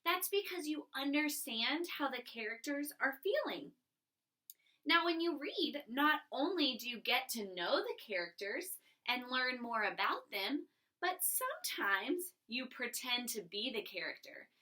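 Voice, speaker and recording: A woman teacher giving a recorded reading lesson to young children, expressive and encouraging. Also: high voice, unhurried. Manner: expressive, encouraging, sing-song.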